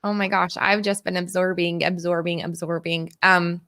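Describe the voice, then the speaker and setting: A woman co-hosting a talk show, sharing her thoughts in a heartfelt, hesitant way with frequent pauses. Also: lowish voice, flat delivery. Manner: soft, hesitant, many pauses and "um"s. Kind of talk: heartfelt conversation.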